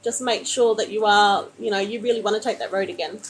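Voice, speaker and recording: A woman reading tarot cards for viewers on a live stream, calmly reassuring them and calling them honey. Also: mid-range voice, fairly quick, slight background noise, poor audio. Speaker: tarot card reader. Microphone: phone.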